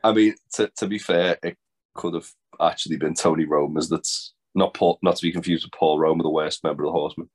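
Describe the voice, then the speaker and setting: A man's voice: low voice, steady tone, brisk. A man co-hosting a podcast, teasing his friend with dry jokes and casual swearing. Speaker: podcast co-host. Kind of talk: casual banter.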